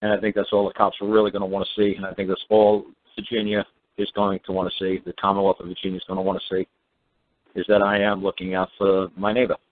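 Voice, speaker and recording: A man's voice: low voice, monotone, fast talker. A man hosting a talk show, giving advice in a folksy, rambling, plain-spoken way. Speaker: host. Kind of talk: casual advice monologue. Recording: tinny phone-line sound.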